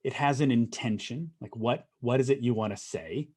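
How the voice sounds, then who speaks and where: Pria pembawa podcast yang santai. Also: male voice, medium pitch, moderate pace, a little mellow, husky. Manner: conversational, recaps points, frequent fillers and "right?". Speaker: podcast host. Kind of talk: podcast interview.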